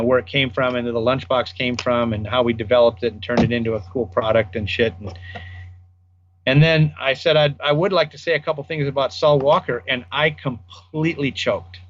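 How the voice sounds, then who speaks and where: A man's voice: medium pitch, highs cut off, slight background noise. Older man spinning rambling studio stories. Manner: rambling anecdotal, acts out quoted dialogue. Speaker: guest audio designer. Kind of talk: casual storytelling interview.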